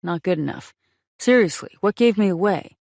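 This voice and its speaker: A woman's voice: mid-range voice, expressive, normal speed, vocal fry, darkish tone, dry recording, clean studio sound. Woman reading a sheepish scheming rich man. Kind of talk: audiobook character voice.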